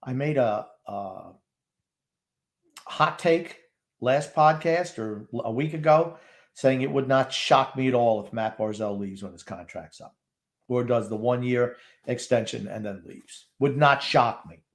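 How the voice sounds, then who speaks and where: An older New York man co-hosting a sports podcast, gruff and blunt as he offers his opinions. He speaks at an ordinary middle pitch, plainly and without fuss. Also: a little slow. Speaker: podcast co-host. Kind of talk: live game watchalong chat.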